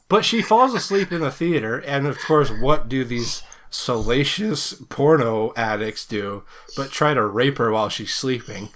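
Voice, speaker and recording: A man's voice: medium pitch, lively intonation, a little slow, fairly bright tone. A man co-hosting a podcast, recapping a horror movie in casual chat with a rambling, laughing manner full of crude jokes. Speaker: podcast co-host.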